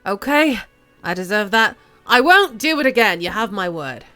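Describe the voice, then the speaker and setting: A man's voice: high-pitched, very animated, normal speed, sharp tone, smooth, no echo, soft background music, full character voice. A woman voicing a nervous middle-aged man in a game who answers a detective's questions with defensive politeness.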